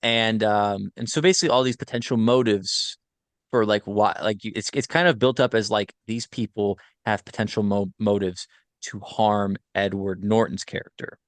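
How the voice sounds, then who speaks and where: A man casually recapping a film plot on a podcast, rambling with many fillers and quick self-corrections. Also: lowish voice, steady tone, no echo. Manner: rambling, filler-heavy retelling. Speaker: podcast host.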